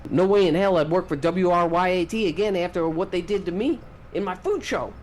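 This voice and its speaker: A man's voice: high voice, a little fast, slight background noise, close to an everyday voice. A man doing a foul-mouthed cranky New Zealand radio host. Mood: indignant. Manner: swears constantly, bleeped, calls everyone mate.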